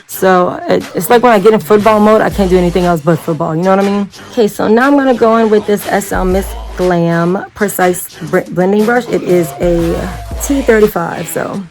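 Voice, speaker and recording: A woman's voice: mid-range voice, normal speed, a little mellow, faint music behind, low-quality recording. A woman chatting casually and rambling through a makeup tutorial, talking straight to her viewers as y'all. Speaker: makeup vlogger.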